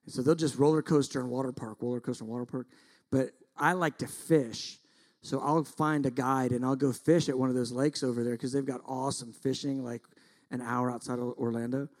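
A middle-aged male pastor preaching, telling a story with lively acted-out quotes. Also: medium pitch, fairly quick. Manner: animated storytelling, acts out quotes loudly. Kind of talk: sermon.

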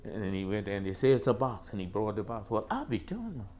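An older man from the South, recounting school memories as an animated storyteller who keeps saying "boy" and "man". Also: on the low side, fast, a little hiss or hum. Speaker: interviewee recalling school days. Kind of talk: casual storytelling interview.

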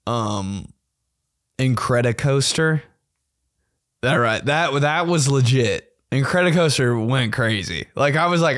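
Lively young man telling stories. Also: mid-range voice, takes it slowly, no echo, clean studio sound. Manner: animated, profane, laughing, slangy. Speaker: podcast host. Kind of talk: casual storytelling monologue.

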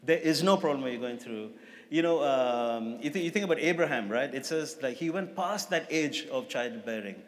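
A man's voice: mid-range voice, expressive, normal speed. A man giving a sermon as guest preacher, talking casually with asides and self-corrections. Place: church hall. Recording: long reverb of a church hall.

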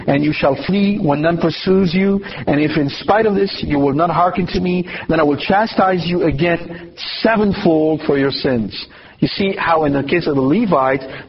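A man's voice: on the high side, dull audio, a little hiss or hum. A man teaching from the Bible, reading passages aloud and then explaining them with emphatic asides. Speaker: preacher.

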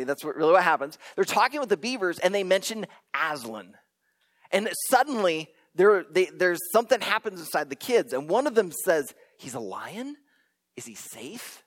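A man preaching a sermon, telling stories dramatically and dropping to hushed near-whispers for emphasis. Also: high voice. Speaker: pastor.

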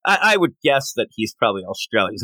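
A man's voice: fairly low pitch, very animated, fast, bright, forceful tone, dry recording. A man hosting a comic book podcast, chatting casually and acting out characters' lines in silly voices. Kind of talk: casual chat.

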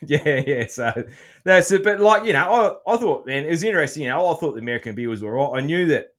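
A man's voice: fairly high pitch, animated, fast talker, a bit bright. Laid-back Australian man hosting a podcast. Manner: laid-back, swears casually, lots of fillers and "man". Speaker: podcast host. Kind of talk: casual chat.

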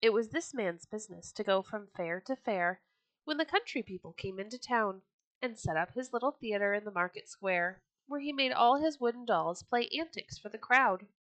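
A woman reading old children's stories aloud for a podcast, gentle and expressive. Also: medium pitch, normal speed, dry recording, low-quality recording. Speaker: storyteller. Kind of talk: storybook read-aloud podcast.

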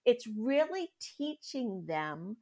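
A woman's voice: on the high side, very animated, slow, warm tone. A middle-aged woman speaking as a guest in a casual interview, a chatty storyteller who often laughs. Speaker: guest parent.

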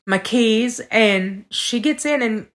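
A woman's voice: on the high side, takes it slowly. A woman telling a personal story earnestly on a casual podcast, talking straight to her listeners. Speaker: podcast co-host.

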